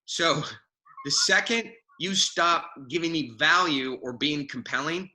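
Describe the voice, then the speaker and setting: A man talking as a guest mentor on a video call, animated and self-mocking, acting out quoted voices. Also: fairly high pitch, unhurried, poor audio. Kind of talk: casual video call chat.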